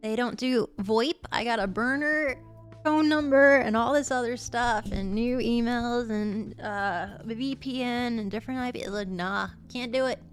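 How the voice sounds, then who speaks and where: A woman streaming casually, bubbly and excitable, gasping and chatting to her viewers. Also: fairly high pitch, measured pace, smooth, soft background music. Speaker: livestreamer. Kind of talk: casual livestream chat.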